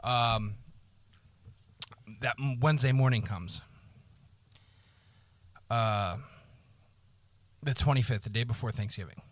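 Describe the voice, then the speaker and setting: A man on a podcast telling a painful personal story, halting, repeating words and swearing often, close to tears. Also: medium pitch, dry recording. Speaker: podcast co-host.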